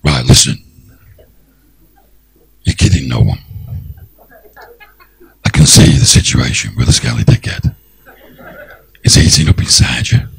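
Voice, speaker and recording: A gruff deep-voiced dog. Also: male voice, fairly bright tone, exaggerated voice, low-quality recording. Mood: grave advice. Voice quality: very deep, gravelly, raspy. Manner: slow, grave, advising. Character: deep gravelly wise male dog.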